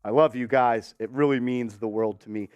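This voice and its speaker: A man hosting a casual live-stream sports show, talking warmly and giving viewers shout-outs. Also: medium pitch, fairly even intonation, moderate pace, clear, resonant tone, no room sound.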